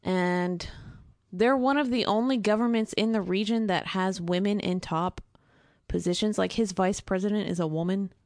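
A woman who is a guest in a casual interview, explaining earnestly and filling pauses with fillers. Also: mid-range voice, a little mellow, no room sound, clean studio sound.

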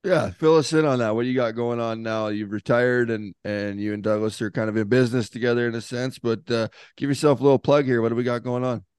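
A man's voice: medium pitch, steady tone, quick pace, hardly any pauses, darkish tone, clear, resonant tone, dry recording, studio quality. A man hosting a podcast, asking questions in an easygoing way, laughing often and swearing casually. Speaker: podcast host. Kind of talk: casual interview chat.

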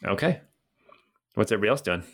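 A man's voice: lowish voice, animated, fast talker, a bit bright. A man running a tabletop game as game master, narrating loosely with many fillers.

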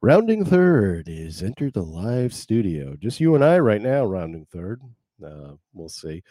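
A man's voice: fairly low pitch, big pitch swings, unhurried, warm tone, dry recording, studio quality. A man hosting his podcast live, rambling in casual chat with wry asides. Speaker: podcast host.

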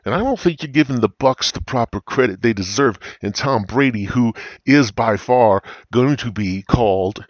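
A man's voice: medium pitch, expressive, moderate pace, few pauses, no echo, highs cut off. A man hosting a comedy podcast, rambling through profane, crude stories into a cheap gaming headset. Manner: profane, meandering, crude storytelling. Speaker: podcast host.

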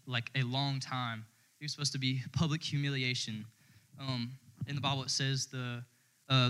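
A man's voice: medium pitch, fairly bright tone, rough recording. Man, church speaker, casual sermon, conversational, rambling, frequent restarts. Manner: informal and rambling, many fillers and restarts.

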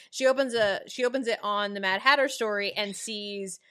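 A young woman co-hosting a podcast, recapping a TV episode in a relaxed, hesitant way with many fillers. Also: on the high side, a little fast, few pauses. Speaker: podcast co-host. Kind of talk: casual chat recapping a TV episode.

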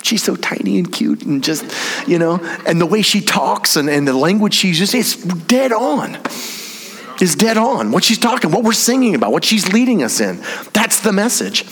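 A man's voice: sits high, very animated, brisk, fairly bright tone. A pastor preaching a sermon in a church service, talking conversationally and making teasing asides while he explains the grammar of a verse. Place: church sanctuary during a service. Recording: long hall reverb from a church sanctuary.

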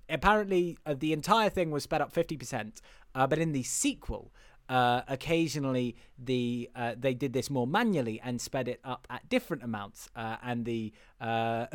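A man's voice: medium pitch, normal speed, no echo, clean studio sound. A man hosting a casual chat about a film, talking in a rambling, joking way with lots of fillers. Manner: rambling, with many fillers, swears and laughs. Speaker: podcast host.

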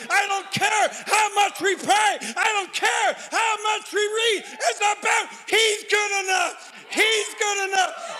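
High-voiced shouting preacher in a big hall. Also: male voice. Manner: repeats "come on" constantly, call-and-response urging. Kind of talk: shouted revival sermon. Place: large church hall. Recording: long reverb of a big hall.

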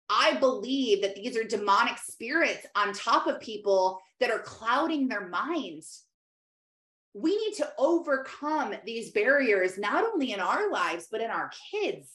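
A middle-aged Christian teacher gives earnest devotional teaching, exhorting her listeners between loose asides. Her voice is a little high and a bit bright, and the recording has a roomy echo.

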